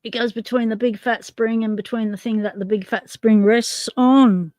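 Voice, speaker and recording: A livestream host chats casually, narrating as she tinkers with her hands and reads viewer comments aloud. Her voice is a little high and darkish, steady in tone and moderate in pace, on a dry recording.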